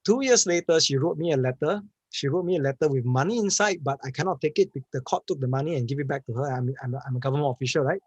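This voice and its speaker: A man's voice: fairly high pitch, lively intonation, fast, breathy edge, no room sound. A man, a panel speaker giving an earnest, emphatic storytelling answer and often restarting his words.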